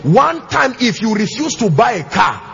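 Male preacher, high and gravelly, emphatic sing-song delivery; muffled church recording, faint music. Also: sing-song, moderate pace. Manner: emphatic, sing-song preaching with shouted bursts and call-and-response questions. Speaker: pastor. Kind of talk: sermon. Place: church auditorium with congregation.

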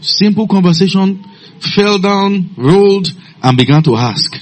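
A man preaches a sermon at a measured pace, telling stories in a low, calm voice and then breaking into loud, shouted commands.

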